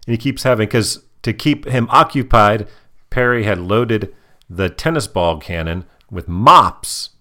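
Deep-voiced, animated dad co-hosting. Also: male voice, a little slow. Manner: animated, breaks into funny character voices. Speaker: podcast co-host with his daughter. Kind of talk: casual chat.

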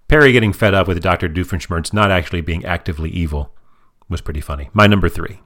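A man's voice: deep voice, quick pace, a bit bright. A man co-hosting a podcast, chatting casually and explaining jokes in a dry way. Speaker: podcast co-host. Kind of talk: casual chat.

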